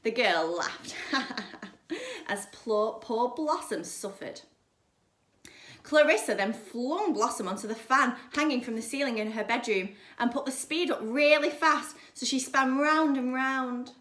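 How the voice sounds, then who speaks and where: A woman teacher reads a children's story with lively, expressive delivery and chatty asides. Her voice sits slightly high. The room sounds echoey. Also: unhurried. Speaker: primary school teacher.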